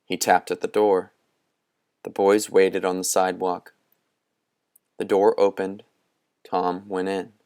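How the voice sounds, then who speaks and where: A man reading a novel aloud as a narrator, in slow, measured storytelling. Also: low-pitched, flat delivery, a little mellow, clear, resonant tone, dry recording, studio quality. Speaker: audiobook reader. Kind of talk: scripted narration.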